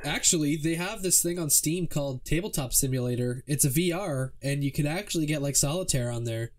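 A man's voice: a little high, brisk. A man from Canada co-hosting a podcast, polite and jokey in casual chat. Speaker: podcast co-host.

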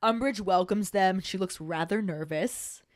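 A woman's voice: mid-range voice, measured pace. A young adult woman co-hosting a podcast, recapping a book in casual chat and swearing freely. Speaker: podcast co-host.

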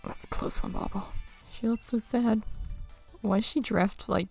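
A woman's voice: fairly high pitch, steady tone, normal speed, vocal fry, darkish tone, faint music behind. A young woman chatting casually as she plays a game, with wry running reactions to what she sees. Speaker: let's play gamer. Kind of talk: casual gameplay commentary.

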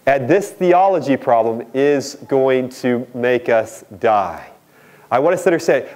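A male pastor preaching a sermon, asking the congregation questions and dropping low and slow on key words. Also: darkish tone. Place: church sanctuary.

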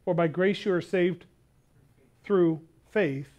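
A male pastor preaching a sermon, telling a story and slowing down hard on key words. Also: high-pitched, darkish tone, highs cut off. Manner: emphatic, slows down on key words.

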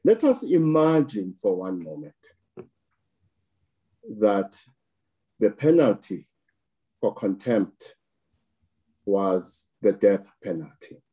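A man from South Africa giving political commentary in an interview, slow and deliberate, weighing his words with occasional restarts. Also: lowish voice, very animated, warm tone, breathy edge, poor audio. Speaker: political analyst.

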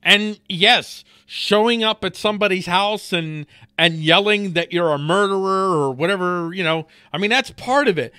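Heated, swearing man with a bright voice. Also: high-pitched, animated, normal speed, few pauses, no room sound, studio quality. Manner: heated, swearing, repeats words, laughs between points. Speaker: podcast host. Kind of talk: profane political rant.

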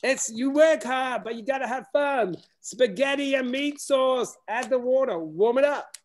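A man's voice: very high-pitched, a little slow, a little hiss or hum. A man giving a remote classroom demonstration over a video call as a space program educator, talking in a playful way with many restarts.

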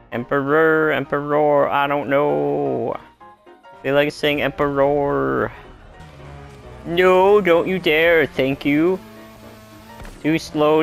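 A young man streaming a racing game, chatting to himself in a self-mocking, excitable way. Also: fairly high pitch, vocal fry. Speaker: gameplay streamer. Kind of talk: casual let's-play commentary.

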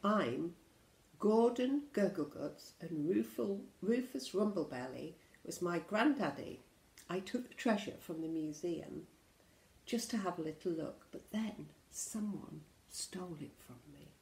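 A cheerful pirate man from a picture book, talking in a lively, swooping way. His voice has a gravelly edge and an unhurried pace. A woman reading aloud to children gives him his lines. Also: lowish voice, roomy sound, rough recording. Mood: storytelling. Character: male pirate, grandson of a famous captain.

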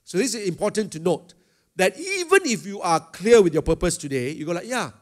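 Middle-aged pastor, slightly raised pitch, gives a youth chapel lesson with lots of "uh" pauses. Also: male voice, wildly swooping pitch. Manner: talks to a live student audience, asks them questions; frequent hesitation fillers. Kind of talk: teaching a youth chapel talk.

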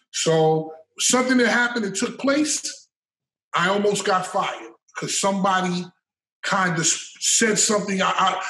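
Guy with a high voice telling stories, cussing a lot, sounds a bit off-mic in a roomy space. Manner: animated, profane, emphatic. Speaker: interview guest. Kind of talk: casual storytelling in an interview. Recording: echoey room, mic at a distance.

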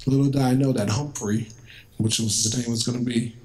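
A man's voice: medium pitch, fairly even intonation, a little fast, darkish tone, rough recording. A man speaking as a guest at a school, telling students a personal story in a conversational, vivid way and acting out the dialogue he remembers. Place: school, indoors.

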